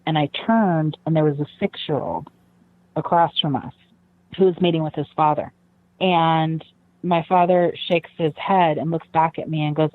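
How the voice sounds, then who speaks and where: A woman's voice: low-pitched, steady tone, moderate pace. A woman guest, recounting a personal story in an interview, earnest and reflective, with frequent "you know" fillers. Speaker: guest, daughter of a convicted killer. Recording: tinny phone-like line.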